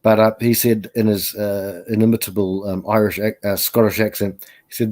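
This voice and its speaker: A man joins a live stream as a guest and talks in a casual, rambling way. He hesitates often and leans on fillers. His voice sits on the low side. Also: fairly even intonation, fairly quick, darkish tone.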